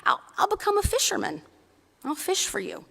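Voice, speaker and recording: A woman voicing a patient, loving mother rabbit who calmly reassures her runaway child, in a storybook telling. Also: extremely high pitch, normal speed, vocal fry, in a large hall, voice pushed up, heavily acted. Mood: reassuring. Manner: soothing, reassuring, easygoing.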